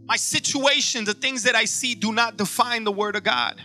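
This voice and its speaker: High, bright-voiced fervent preacher man. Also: fairly even intonation, a little fast, faint music behind. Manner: swings from soft to shouting and fervent. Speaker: pastor. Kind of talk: sermon. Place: church.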